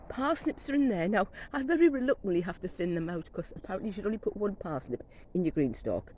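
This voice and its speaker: A woman's voice: mid-range voice, lively intonation, quick pace, few pauses, dark tone, a little hiss or hum, low-quality recording. Chatty woman touring her garden. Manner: chatty, gushing over plants, rambling. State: coming down with a cold. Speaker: gardening vlogger. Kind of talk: casual garden walk-through. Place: outdoors in a back garden. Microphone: phone camera carried while walking.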